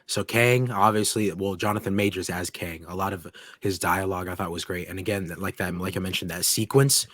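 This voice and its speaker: A young male podcast host speaks in a low, steady, slightly bright voice, moving briskly with few pauses. He chats casually and enthusiastically, restarting often.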